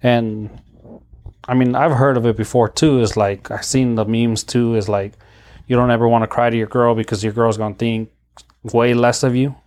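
A man's voice: mid-range voice, little pitch movement, normal speed, darkish tone. A man hosting a podcast in casual chat, rambling with frequent laughs and restarts. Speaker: podcast host.

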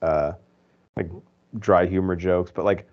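A man with a fairly low voice talks through movies on a podcast, rambling and full of fillers as he gives his opinions. The audio is dull and lo-fi, like a home podcast setup. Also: steady tone, measured pace. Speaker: podcast co-host. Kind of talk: casual movie review chat.

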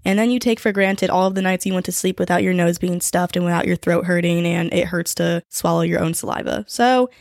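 A woman hosts her solo podcast with a cold and a sore throat, so her voice sits slightly raspy, gravelly and low on energy. She talks in a chatty, casual way, full of "like", at a middle pitch. The recording is close and dry. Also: brisk, hardly any pauses, a little mellow, dry recording. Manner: chatty, conversational, uses "like" often. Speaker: podcast host.

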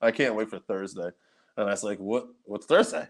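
A man co-hosting a podcast, telling stories in casual chat, animated and laughing often, with frequent swearing. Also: on the low side, a little fast. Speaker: podcast co-host.

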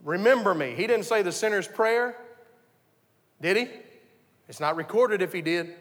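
High-voiced pastor, reverberant hall. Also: male voice, expressive, moderate pace, fairly bright tone. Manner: earnest storytelling with frequent restarts. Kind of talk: conversational sermon.

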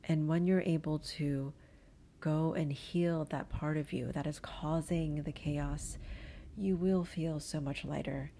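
A woman from New England gently guiding an inner child visualization, speaking softly and slowly and often dropping to a hushed near-whisper. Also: low-pitched, fairly even intonation, slight background noise. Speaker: inner child and energy work guide.

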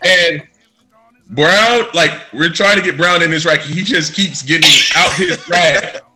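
A man's voice: fairly high pitch, a little slow, heavy background noise. A man telling navy stories to friends in a casual, laughing way. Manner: laughing, animated, swears freely. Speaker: navy veteran telling a story. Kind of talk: casual storytelling among friends.

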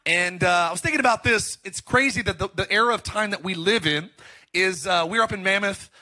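Male pastor, high bright voice, lively joking sermon, middle-aged. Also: a little fast. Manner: animated, joking storytelling with laughs.

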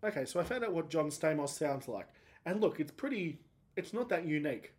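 A man's voice: fairly high pitch, expressive, fairly quick, a little mellow. A man in his thirties hosting a solo podcast, rambling and self-mocking, his voice cracking upward when he gets emotional. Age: 30s. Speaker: podcast host.

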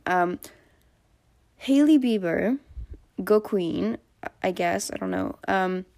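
Creaky-voiced chatty young woman podcaster. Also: medium pitch. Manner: chatty, filler-heavy, animated quoting of others. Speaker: podcast host. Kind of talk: casual solo podcast monologue.

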